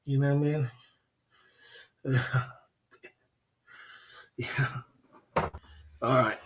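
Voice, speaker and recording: A man's voice: mid-range voice, steady tone, extremely slow, pauses often, noisy background. A man hosting a livestream in casual chat, repeating his phrases, speaking in slang and laughing often. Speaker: livestream host.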